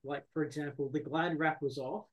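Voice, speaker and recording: A man's voice: a little high, fairly even intonation, normal speed, poor audio. A man chatting on a podcast, hesitant, with dry humour and plenty of ums. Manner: hesitant, many fillers and restarts, dry humour. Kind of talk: casual chat.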